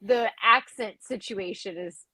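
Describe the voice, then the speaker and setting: A woman's voice: medium pitch, unhurried, sharp tone, no echo. A woman co-hosting a casual film chat, musing aloud with plenty of fillers. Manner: chatty, filler-heavy musing. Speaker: co-host.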